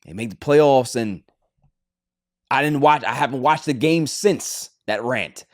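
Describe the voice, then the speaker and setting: A man's voice: on the high side, expressive, normal speed, creaky. A man hosting a sports podcast, talking casually and rambling, with frequent restarts and fillers. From Queens, New York.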